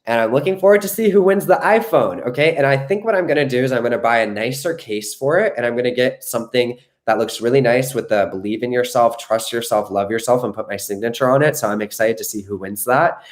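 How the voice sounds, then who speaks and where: A man's voice: mid-range voice, fast, few pauses. A man coaching viewers on a live stream, earnest and reassuring, often checking in with "okay?". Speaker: manifestation coach.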